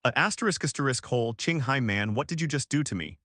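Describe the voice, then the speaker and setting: A male text-to-speech voice reading the lines of an arrogant thunder god man in an audiobook, flat and a little raised in pitch. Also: fast talker, dry recording, studio quality. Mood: mocking.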